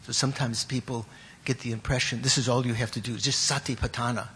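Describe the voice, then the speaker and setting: A man teaching a class on Buddhist meditation and terms, pausing often, repeating words and putting questions to his students. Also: medium pitch, fairly even intonation, a bit bright, slight background noise.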